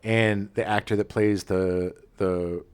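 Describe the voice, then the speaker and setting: Middle-aged male podcast co-host; casual chatter, lively scene retelling. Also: on the low side, slow, smooth. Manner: animated storyteller, acts out movie scenes. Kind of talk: casual chat.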